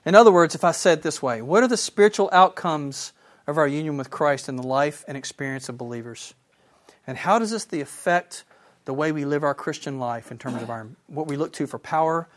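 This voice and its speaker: A man teaching a Bible lesson, enthusiastic and animated, asking his listeners questions. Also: fairly high pitch, fairly quick. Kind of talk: sermon.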